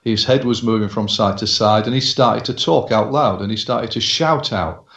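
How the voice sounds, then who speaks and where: A hypnotherapist being interviewed who tells his story in a measured way with frequent hesitations. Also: fairly low pitch, fairly bright tone, echoey room, lo-fi sound. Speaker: hypnotherapist guest.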